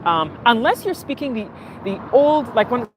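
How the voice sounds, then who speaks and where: A woman's voice: fairly high pitch, normal speed. Woman, vlogger, casual chat, car ride, faint road noise, phone mic. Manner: animated storytelling, acting out market sellers and her mother. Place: inside a moving car.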